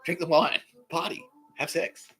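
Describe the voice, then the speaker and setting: A man's voice: a little high, fairly even intonation, unhurried, bright, forceful tone, faint music behind, pitched above the performer's own voice. A man voicing a laid-back, swearing Jesus who is fed up with people, in a blunt and profane way. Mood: exasperated.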